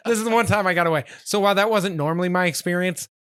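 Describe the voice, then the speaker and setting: A man's voice: high voice, very fast, a bit bright, smooth, dry recording, clean studio sound. A man on a casual podcast telling stories about himself in a wry, self-deprecating way. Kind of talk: casual chat.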